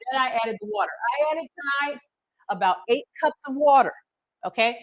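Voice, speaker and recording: A woman's voice: high voice, animated, fairly quick, no echo, muffled recording. A woman hosting a live cooking stream, chatty and folksy, talking straight to her viewers with teasing asides. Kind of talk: casual live cooking demonstration.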